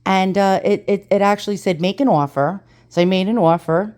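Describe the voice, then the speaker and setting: A woman's voice: medium pitch, fairly quick, a little mellow. A middle-aged woman vlogger talking in a casual, blunt and profane way, telling a story while she unboxes things. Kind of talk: casual ranting vlog chat.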